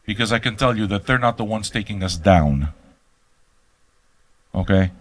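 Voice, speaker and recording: A man's voice: fairly low pitch, animated, normal speed, dry recording. An older man hosting an album reaction show, ranting in a brash, profane and teasing way to a live audience. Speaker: host of an album reaction channel. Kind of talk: live-streamed casual rant.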